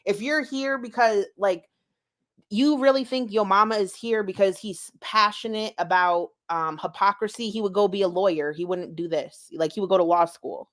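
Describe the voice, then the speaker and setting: A woman on a live commentary panel, talking quickly as she explains her reasoning. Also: medium pitch, a bit bright. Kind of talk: casual commentary chat.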